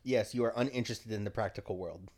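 A man running a tabletop role-playing game on a podcast, dry and deadpan, reading out rules and missions. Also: fairly low pitch, fast. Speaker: game master.

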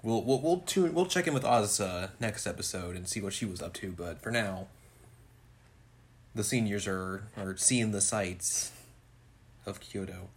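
Woman with a super deep voice chatting on a podcast, recapping an anime ep, throws in silly character voices. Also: animated. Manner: playful, acts out characters in quick bursts. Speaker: podcast co-host. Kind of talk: casual chat recapping an anime episode.

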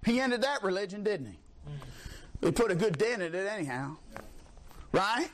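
A man preaching a fiery sermon, shouting, mocking and laughing as the congregation answers back. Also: high-pitched, very animated, normal speed, a little hiss or hum.

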